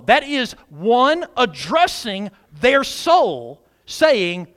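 Animated high-voiced male preacher. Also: slow pace. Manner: animated, call-and-response preaching. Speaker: pastor. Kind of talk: sermon.

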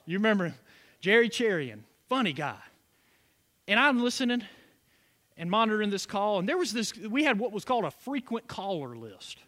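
A man preaching to his congregation in a high, bright voice that leaps up and down. He drops in call-and-response asides as he goes. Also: sing-song, moderate pace. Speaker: pastor. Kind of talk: sermon.

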